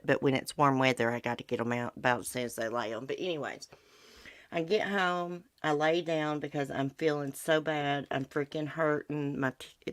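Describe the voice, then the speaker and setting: A woman's voice: low voice, fairly bright tone, no room sound, studio quality. A middle-aged woman hosting a livestream, ranting heatedly in folksy casual talk and answering viewer comments. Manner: heated, indignant, folksy rural talk with swearing. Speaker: livestream host.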